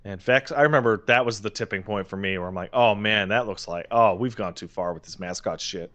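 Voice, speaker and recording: A man's voice: on the low side, brisk, bright, forceful tone, highs cut off. Man, podcast co-host, blunt, swears a lot, exasperated tone. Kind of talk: casual chat.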